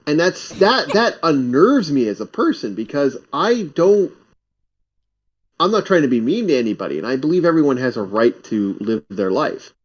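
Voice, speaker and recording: A man's voice: mid-range voice, big pitch swings, moderate pace, lo-fi sound. A man streaming, chatting casually and telling stories bluntly, swearing freely. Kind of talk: casual chat, storytelling.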